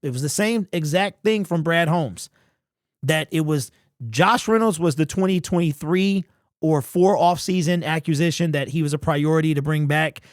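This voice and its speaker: A man's voice: on the high side, normal speed, no echo, clean studio sound. A man giving an opinionated, conversational sports commentary as a channel host, emphatic and repeating his points.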